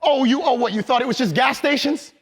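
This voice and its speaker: A man giving a loud, hyped motivational training talk to a live audience in a large event hall, calling on the crowd and laughing. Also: very high voice, brisk, husky. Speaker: motivational speaker.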